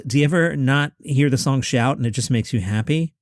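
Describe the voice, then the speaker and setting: A man's voice: medium pitch, no room sound. Fifty-something guy doing a solo pod from home, wry and chatty, mid voice, dead dry sound. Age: 50s. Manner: chatty, wry asides and quick lists. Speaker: podcast host. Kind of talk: solo podcast commentary. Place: home room.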